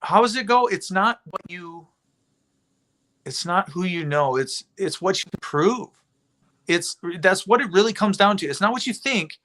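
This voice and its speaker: A man hosting a livestream, talking in a rambling, indignant, animated way. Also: high voice, a little slow. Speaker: livestream host. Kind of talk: casual livestream chat.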